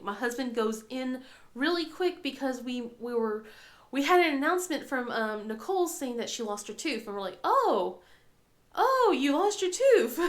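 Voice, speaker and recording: A woman in her thirties chatting casually as a crafting vlogger, rambling with lots of fillers and laughing often. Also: a little high. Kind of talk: casual chat. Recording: echoey room.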